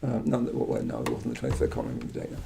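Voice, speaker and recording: A middle-aged man from England giving a reflective Buddhist talk, halting and full of restarts, with quiet trailing asides. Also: extremely low pitch, very animated, vocal fry, slight background noise.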